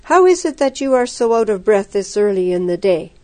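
A woman's voice: mid-range voice, big pitch swings, fairly quick, warm tone, lightly acted. A woman voicing a fisherman father who chides his child firmly but kindly. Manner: chiding. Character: fisherman father, man, firm but caring.

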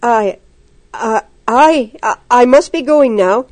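A woman's voice: high-pitched, lively intonation, normal speed, darkish tone, pitched above the performer's own voice. A woman reading as a nervous, stammering girl. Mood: panicked. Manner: stammering, breathless. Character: young village girl, nervous and excitable.

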